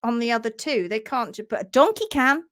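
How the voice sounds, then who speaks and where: A woman, a hoof trimming instructor, telling an animated story on a live stream and acting out sounds and voices. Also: on the high side, fairly quick.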